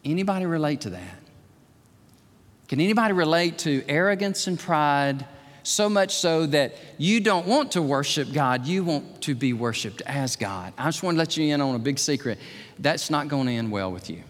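A man preaching a sermon as pastor of a church, animated and swinging from hushed tones to near shouts. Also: a little high, normal speed. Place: large church hall. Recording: long hall reverb.

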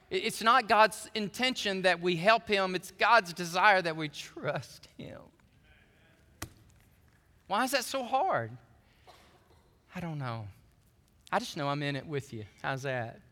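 A male pastor with a high, bright and ringing voice delivers a sermon in a church, shifting from quiet reading to fervent, shouted appeals. His words carry a long reverb through the hall. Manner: swings from calm reading to impassioned shouting, briefly singing. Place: church sanctuary.

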